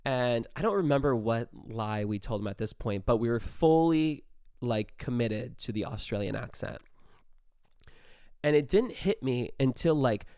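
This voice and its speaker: A young podcast host with a medium-pitched, slightly mellow voice tells a rambling, casual story peppered with "like" and plenty of swearing. The sound is clean and studio quality, with no room sound.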